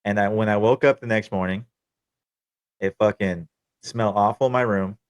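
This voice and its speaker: Young man, low voice, dry close sound, casual swearing storyteller. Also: fairly even intonation, normal speed, no room sound. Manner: profane, candid, wry. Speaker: podcast host telling his own story.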